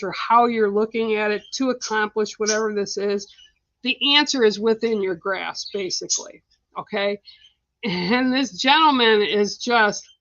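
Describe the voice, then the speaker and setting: Middle-aged woman, psychic reader host; blunt, chatty, a bit high-pitched, dry dull stream audio. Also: a bit bright, no echo. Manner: blunt, chatty, laughs often. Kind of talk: casual livestream reading.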